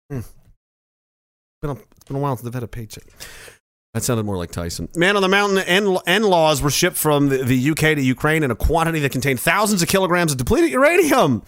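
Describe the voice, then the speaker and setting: A man's voice: on the high side, very animated, brisk, fairly bright tone, no room sound, studio quality. A man hosting a stream, rambling casually, joking, laughing often and swearing. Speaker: streamer host. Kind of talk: casual comedic chat.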